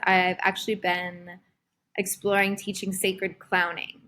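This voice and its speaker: Animated woman telling stories with many fillers. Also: mid-range voice, measured pace. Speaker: guest, performer and creative director. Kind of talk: casual podcast conversation.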